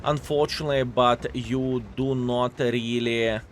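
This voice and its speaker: A man's voice: medium pitch, steady tone, unhurried, a little hiss or hum. Sarcastic male gameplay commentator. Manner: sarcastic, repeats phrases, many fillers. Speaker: game commentator.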